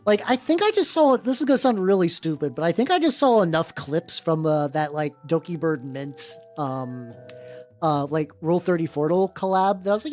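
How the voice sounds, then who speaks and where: A woman streaming as a VTuber, chatting loosely while she paints, her talk full of "like" and self-interruptions. Her voice sits a little low but swings widely in pitch, with a nerdy edge. Faint background music plays under her. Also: expressive, normal speed, a little mellow. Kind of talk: casual live-stream chat while painting miniatures.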